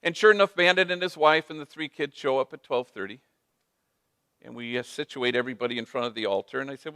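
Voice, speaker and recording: Brief: male priest telling stories on stage, lively, drops Spanish phrases, dry close sound. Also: mid-range voice, fast, clean tone, no room sound. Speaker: priest and speaker. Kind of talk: storytelling talk.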